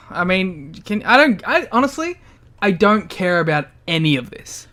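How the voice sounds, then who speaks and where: A man's voice: sits high, big pitch swings, measured pace, sharp tone. A man co-hosting a podcast, chatting casually in a jokey way and laughing often. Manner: jokey, laughs often, does silly voices. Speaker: podcast co-host. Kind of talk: casual chat.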